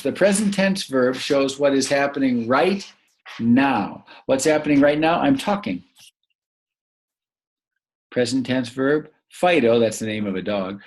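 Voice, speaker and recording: A man teaching a recorded grammar lesson to young children, patient and prompting them to pause and answer. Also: mid-range voice, expressive.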